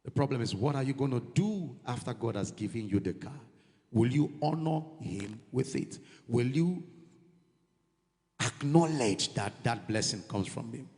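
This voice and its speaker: A man preaching a sermon in church, animated and mixing in pidgin asides. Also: medium pitch, measured pace. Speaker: pastor. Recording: long church-hall reverb.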